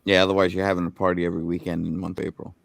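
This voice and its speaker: A man's voice: low voice, level tone, very fast, gravelly, dry recording. A man joining a casual live chat, laid-back and dryly joking. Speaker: chat guest.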